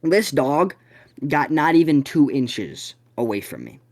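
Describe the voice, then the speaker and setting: Young man, podcast host, swearing, animated storytelling, swooping lively pitch. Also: unhurried. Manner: animated, profane, excitable storytelling.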